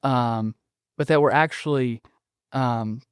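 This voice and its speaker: Male guest explaining ideas, halting and thoughtful, dry close mic. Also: mid-range voice, clear, resonant tone, no echo. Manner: thoughtful, explanatory, frequent ums and restarts. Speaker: podcast guest. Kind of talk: casual conversational interview.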